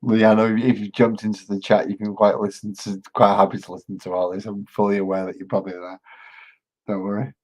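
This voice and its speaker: A man's voice: lowish voice, flat delivery, fairly quick, darkish tone, poor audio. A man casually chatting with his live-stream viewers while he paints miniatures, rambling and joking along the way.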